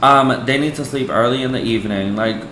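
A man's voice: mid-range voice, a little fast, roomy sound, background noise. A man co-hosting a podcast in casual chat, exasperated and chatty, full of "like" and "girl". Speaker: podcast co-host. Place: apartment room.

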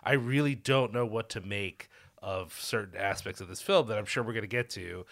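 A man talks through a film on a podcast, his voice lowish but with a bright edge. He rambles and breaks off mid-thought to restart his sentences. He sounds enthusiastic throughout. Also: normal speed, vocal fry. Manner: rambling, self-interrupting, enthusiastic. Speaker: podcast guest. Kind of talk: casual film discussion.

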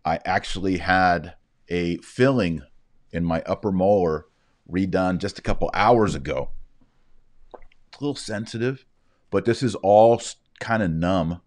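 A man's voice: low-pitched, unhurried. A man with a Texan drawl giving casual commentary, his speech slightly slurred from a numb mouth after dental work. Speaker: Catholic commentary host.

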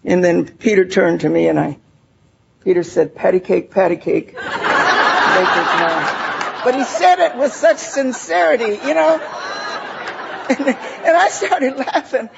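A woman's voice: mid-range voice, creaky, darkish tone, lo-fi sound. An older woman giving a heartfelt, laughing personal share at a recovery meeting, full of "you know" asides.

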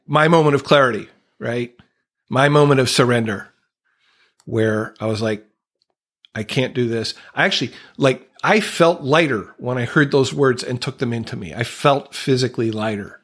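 As a podcast guest, a man with a medium-pitched, slightly bright voice candidly shares a personal recovery story. He's earnest and reflective, and at times openly emotional.

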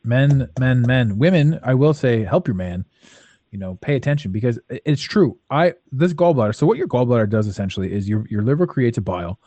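A man's voice: mid-range voice, animated, a little fast, warm tone, dry recording, lo-fi sound. A man hosting a podcast in casual chat, talking bluntly and emphatically and swearing freely. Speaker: podcast host.

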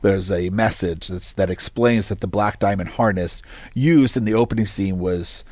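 A man in casual conversation about a movie, lively and thoughtful, chuckling between points. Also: fairly low pitch, moderate pace, dry recording.

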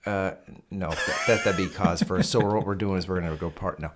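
A man co-hosting a podcast in casual chat. He talks in an excitable, profane way and builds into rants. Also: low-pitched, brisk, very noisy. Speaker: podcast co-host.

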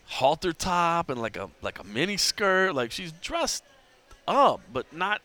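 A lively middle-aged man hosting a podcast, his voice sitting a little high and swinging widely as he tells a story. The tone is bright and forward, and the sound is smooth and clear. He acts out what everyone said, with lots of "like" in between. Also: a little slow. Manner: animated storyteller acting out quoted dialogue, heavy use of "like". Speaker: podcast host. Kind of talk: casual storytelling chat.

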